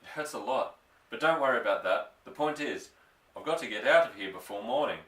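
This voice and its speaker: A man's voice: mid-range voice, lively intonation, fairly quick, far from the mic, lightly acted. A man voicing a trapped, injured father, tender. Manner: calling out, then gentle and reassuring. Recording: roomy, off-mic.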